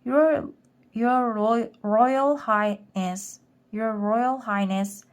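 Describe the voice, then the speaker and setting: A woman's voice: on the high side, fairly even intonation, very slow. A woman voicing a big, nervous male ant guard who stammers and fawns over his queen in a storybook reading. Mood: reporting. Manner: flustered, fawning, stammering apologies.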